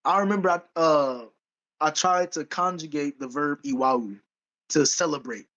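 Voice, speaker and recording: A man's voice: a little high, moderate pace, sharp tone, low-quality recording. A man co-hosting a podcast in casual chat, rambling and correcting himself as he goes, with frequent laughs. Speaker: podcast co-host.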